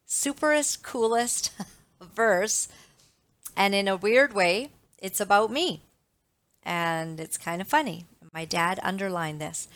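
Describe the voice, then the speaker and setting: A woman's voice: fairly low pitch, a bit bright. A woman hosting a talk show in a chatty monologue, laughing often and restarting her sentences. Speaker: show host.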